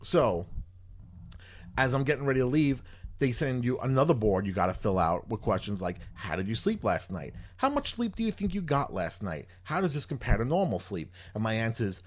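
A man's voice: mid-range voice, big pitch swings, brisk. A man hosting a podcast, telling a long story in casual chat, rambling and exasperated, swearing freely. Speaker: podcast host.

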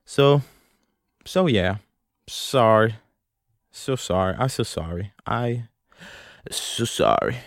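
A man's voice: lowish voice, lively intonation, slow, pauses often, dry recording, studio quality. A young man hosting a solo podcast from a closet, rambling in a profane, self-mocking, jokey way. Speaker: podcast host. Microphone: close studio mic.

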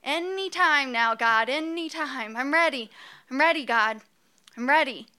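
A woman's voice: high voice, a little slow, bright, forceful tone. A woman doing a voice for Moses, an elderly man, praying eagerly and pleading with rising effort. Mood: straining.

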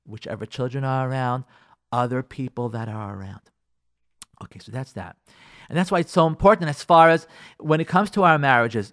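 An earnest man, a rabbi, gives marriage advice in a radio talk. His voice sits a bit high, and he talks in a lively way, leaning on repeated phrases for emphasis.

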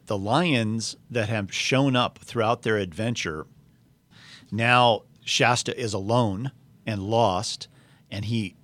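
A man's voice: fairly low pitch, fairly bright tone. A man retelling a story and reading passages aloud, with hesitant phrasing. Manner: hesitant, with fillers and restarts. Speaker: speaker retelling a novel.

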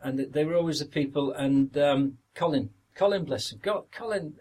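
Guesting on a podcast, an older Yorkshire actor from northern England tells rambling interview stories, repeating words and occasionally playing out what others said. His voice is on the high side with a darkish tone, he keeps a moderate pace, and the recording is rough.

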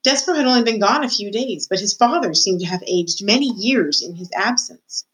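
Student reader, woman, steady storybook narration, mid-range voice. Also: mid-range voice, normal speed, poor audio. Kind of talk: reading a novel aloud.

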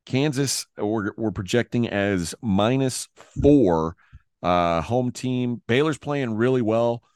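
A man's voice: medium pitch, expressive, slow, darkish tone, clean tone, no room sound, studio quality. A man hosting a sports betting podcast, talking in a loose, rambling way and often correcting himself. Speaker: podcast host. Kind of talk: casual sports betting chat.

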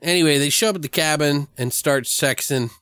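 A man's voice: on the high side, fairly quick, a bit bright, clean tone, dry recording. Guy on a movie podcast, laughs a lot, swears, does dumb character voices, dry close sound. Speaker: podcast co-host. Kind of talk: casual film discussion.

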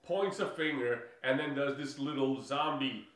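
A man's voice: mid-range voice, moderate pace, a bit bright, distant mic. A man recaps a movie in loose podcast chat, full of fillers, restarts and laughter. He sits away from the mic, and the room rings with heavy echo. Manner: rambling, many fillers and restarts, laughs often. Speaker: podcast co-host.

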